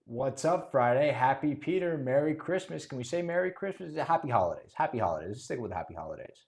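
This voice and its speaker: Male co-host, playful and animated, casual podcast delivery. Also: on the high side, brisk, creaky, slight background noise.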